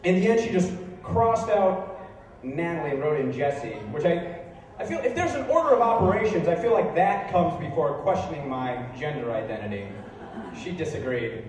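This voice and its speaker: A young man performing stand-up comedy, telling stories in a deadpan way that jumps into incredulous high outbursts. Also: moderate pace. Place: bar venue with a live audience. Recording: echoey room recorded from far off.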